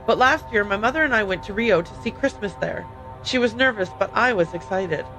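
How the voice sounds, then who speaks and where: A woman's voice: medium pitch, animated, brisk, sharp tone, soft background music, poor audio. A woman reading a young freed woman's game dialogue aloud in her own plain, upbeat tone. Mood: sorrowful. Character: young woman, freed slave, grieving and adrift.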